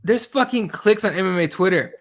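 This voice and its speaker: A man co-hosting a casual podcast, talking in a profane, animated way and acting out his online exchanges as little quoted scenes. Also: high voice, brisk. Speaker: podcast co-host.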